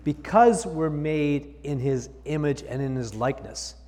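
Pastor with a slightly high voice preaching in a reverberant hall. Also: male voice, measured pace, warm tone. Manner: reads scripture aloud, then explains with emphatic repetition. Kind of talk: sermon.

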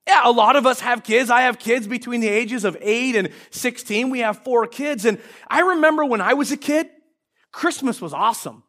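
A male pastor preaching to his church, his voice sitting very high for a man. He tells stories with animated energy and jumps into loud, excited bursts when he acts out children. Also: moderate pace. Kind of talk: sermon.

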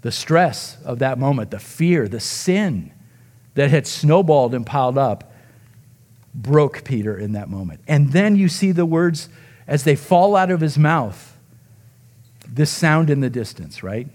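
A male pastor delivers a sermon, retelling the story dramatically and acting out the quoted voices. His medium-pitched voice is animated yet unhurried, dropping to a near hush at emotional moments.

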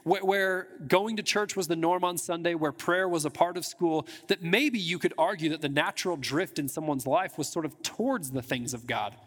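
A man's voice: on the high side, moderate pace, hardly any pauses, a bit bright. A man preaching a sermon to his church in a casual, chatty way, with frequent restarts and filler words. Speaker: pastor. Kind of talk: conversational sermon. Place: church sanctuary. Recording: long hall reverb in a church.

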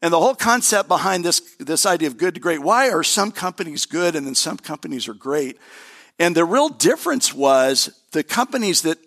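Speaking straight to his congregation, a middle-aged pastor delivers an animated sermon full of repeated phrases. He has a fairly high-pitched voice and keeps a moderate pace.

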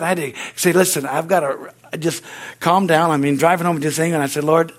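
A man's voice: steady tone, fairly quick. A middle-aged man preaching a sermon in church, fervent, with repeated words and frequent amens. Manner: stories grow loud and high-pitched. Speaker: pastor.

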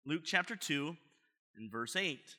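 A man's voice: on the high side, animated, measured pace, sharp tone. A man preaching a sermon as pastor, in a conversational, playful way, asking his congregation questions at a church service.

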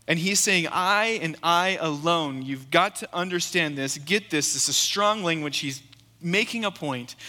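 A man's voice: a little high, pushed and bright. Emphatic man preaching in a reverberant hall. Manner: earnest, emphatic, repeats key phrases. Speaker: guest preacher. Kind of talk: sermon with scripture reading.

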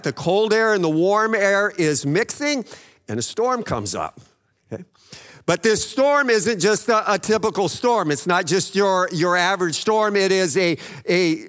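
High-voiced man preaching a story sermon. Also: fairly bright tone, long reverb tail. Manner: conversational, checks in with "okay?", acts out quoted voices. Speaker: pastor. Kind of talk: sermon retelling a Bible story.

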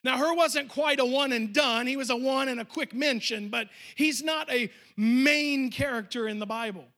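Male pastor, sermon, very high voice, bright tone, emphatic storytelling. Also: moderate pace. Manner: storytelling, emphatic, addressing the congregation. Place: church.

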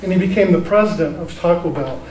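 A man preaching a sermon as a pastor, telling stories in a relaxed, conversational way with frequent restarts. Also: high-pitched, fast talker, roomy sound, far from the mic, rough recording. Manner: conversational storytelling with many restarts.

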